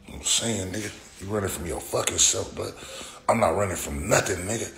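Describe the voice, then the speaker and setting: A man's voice: low voice, gravelly, a bit bright. A man in his forties ranting profanely on a livestream, talking back to comments from his chat. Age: 40s. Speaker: livestream host. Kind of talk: casual livestream rant. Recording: echoey room with faint ambient noise.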